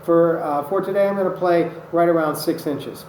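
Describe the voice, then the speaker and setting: A drum instructor gives an instructional demonstration of drumming technique, patiently and methodically calling out strokes as he plays on a practice surface. His voice is on the high side at normal speed. The room is echoey and the noise is loud.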